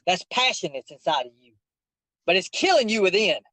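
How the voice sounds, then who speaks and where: A man's voice: high-pitched, very animated, a little fast, sharp tone, no echo, poor audio. Insistent, preachy man pressing hard. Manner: insistent, preachy, repeats himself. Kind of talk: heated confrontation over a call.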